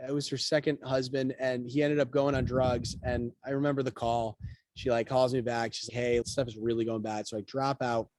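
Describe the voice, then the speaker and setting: A man's voice: mid-range voice, flat delivery, fairly quick, darkish tone, no echo. A man being interviewed as a guest, telling his story casually and acting out the quotes of people in it. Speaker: guest, real estate broker.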